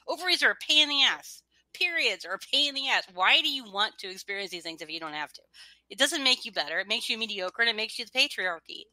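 Female radio host, blunt and profane, with a crisp, bright tone. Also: fairly high pitch, big pitch swings, a little fast, dry recording, low-quality recording. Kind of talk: political talk radio chat.

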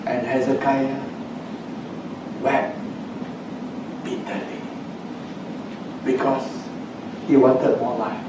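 A man preaching a sermon as a pastor. He speaks slowly, dropping to a hush at times and rising to shouts for emphasis. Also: medium pitch. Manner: slow, swings from hushed to shouting with emphasis. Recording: echoey hall, recorded from a distance with faint background noise.

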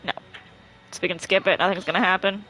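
A woman's voice: on the low side, fairly even intonation, fast, bright, forceful tone, rough recording. A woman streaming a game from home, chatting easily with her co-host and viewers and laughing often. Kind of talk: casual live-stream chat. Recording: faint background noise.

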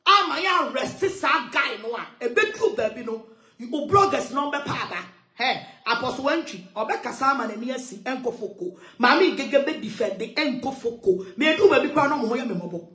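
Loud ranting woman. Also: high voice, animated, normal speed, reverberant. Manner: loud, shouting and sing-song outbursts. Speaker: social media commentator. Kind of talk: heated rant mixing English and Twi.

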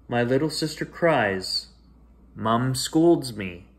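A man reading a children's bedtime story aloud in a gentle, expressive way, with sing-song rises and hushed drops. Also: mid-range voice, takes it slowly.

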